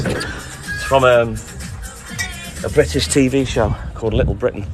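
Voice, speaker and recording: A man's voice: medium pitch, fairly quick. A man chatting casually on a live stream, greeting viewers by name. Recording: music playing in the background. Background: music.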